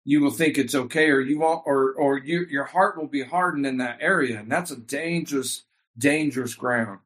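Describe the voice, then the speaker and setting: A man's voice: mid-range voice, moderate pace, a bit bright. A man preaching a sermon with fervor and emphatic repetition, calling his congregation by a Hebrew word. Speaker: pastor.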